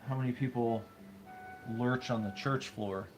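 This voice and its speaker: Slow drawling man streamer. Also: medium pitch, steady tone, music in the background. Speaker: streamer co-host. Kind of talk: casual chat while gaming.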